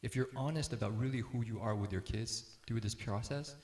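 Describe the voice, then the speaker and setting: A man's voice: mid-range voice, fairly quick, a little mellow, echoey room. A middle-aged man speaking casually to a group about parenting, telling stories and laughing easily as he acts out quotes.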